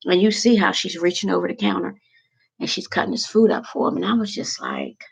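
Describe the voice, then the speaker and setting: A woman's voice: lowish voice, wildly swooping pitch, fairly quick, gravelly, breathy edge, low-quality recording. A woman vlogger chatting casually and emotionally to her viewers, rambling from one thing to the next.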